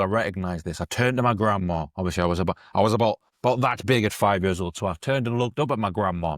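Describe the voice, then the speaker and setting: A man's voice: low voice, no room sound, clean studio sound. A man, an eating coach telling a story in a chatty, conversational podcast monologue. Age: 30s.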